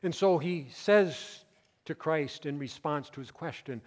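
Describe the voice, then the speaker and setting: A male pastor preaching a sermon, swinging between loud emphatic declarations and quiet asides. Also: on the high side, a little slow, big-room sound.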